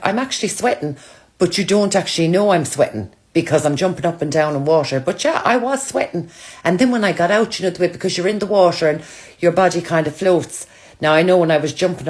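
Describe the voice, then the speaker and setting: A woman's voice: on the low side, darkish tone. A woman chatting casually to her followers, telling self-mocking stories. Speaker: social media creator.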